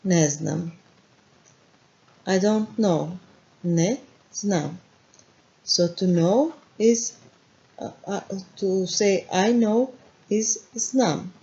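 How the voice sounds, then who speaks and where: A woman with a Montenegrin accent teaching a language lesson, repeating words slowly and quizzing the listener. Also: medium pitch, gravelly, mellow, dull audio.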